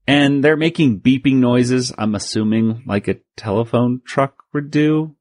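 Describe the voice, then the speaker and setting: A man co-hosting a podcast in casual chat, rambling through a comic recap and jumping into higher voices for quoted lines. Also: measured pace, few pauses, a little mellow, no room sound, clean studio sound. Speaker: podcast co-host.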